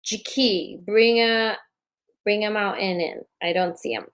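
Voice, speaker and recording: A woman's voice: medium pitch, measured pace, a bit bright. A woman hosting a casual livestream chat show from a borrowed bedroom, chatty and playful, joking through technical trouble over a laptop mic. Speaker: host.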